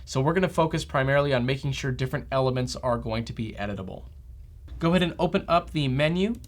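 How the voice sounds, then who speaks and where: A man's voice: mid-range voice, quick pace. A man teaching a front-end developer lesson as a screencast, talking steadily and checking in with a frequent "okay?". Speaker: developer trainer. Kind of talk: software screencast tutorial.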